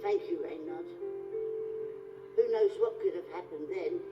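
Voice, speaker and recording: A man in his thirties with a very high, squeaky voice, doing a chatty live stand-up comedy act and firing cheeky jokes at the audience. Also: measured pace, loud music behind the voice. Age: 30s. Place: theatre stage. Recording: distant, dull live stage recording.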